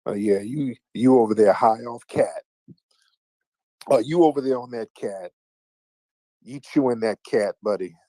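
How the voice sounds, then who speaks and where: A man with a medium-pitched, dark voice speaks a little slowly and pauses often, with no room sound. He runs a late-night livestream call-in show, taunting callers in a sing-song, mocking manner.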